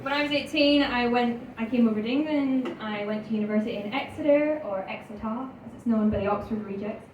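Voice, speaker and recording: A young Northern Irish woman doing a stand-up comedy set with dry deadpan delivery, often laughing at her own jokes. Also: on the high side, a little fast, hardly any pauses, recorded from a distance, lo-fi sound, a little hiss or hum. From Northern Ireland. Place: comedy club stage. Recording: echoey club, mic heard from afar. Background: audience laughter.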